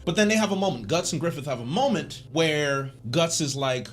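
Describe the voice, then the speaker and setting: Animated slangy man, higher voice. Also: fairly quick, hardly any pauses, slight background noise. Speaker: video essay host. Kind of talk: casual video essay commentary.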